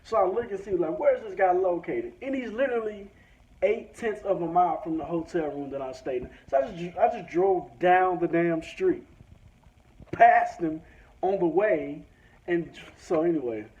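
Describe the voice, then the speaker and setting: A man rants his way through a story, acting out both sides of the conversation and swearing freely. His voice sits a little high for a man. The recording is dull and lo-fi, with a faint hiss underneath. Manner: profane, animated, acts out both sides of conversations. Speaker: vlogger. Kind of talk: ranting storytelling.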